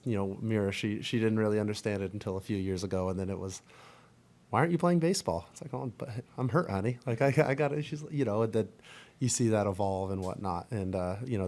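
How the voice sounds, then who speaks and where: A man in his thirties answering reporters' questions at a press conference, halting and full of fillers and restarts. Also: sits low, a little mellow. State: choked up, near tears. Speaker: baseball pitcher at a press conference.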